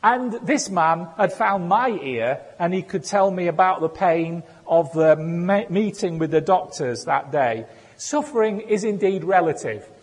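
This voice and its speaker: A man's voice: high-pitched, lively intonation, unhurried, breathy edge. A man giving a sermon in a conversational way, with self-deprecating humor. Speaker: preacher. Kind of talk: sermon with personal stories. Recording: echoey hall.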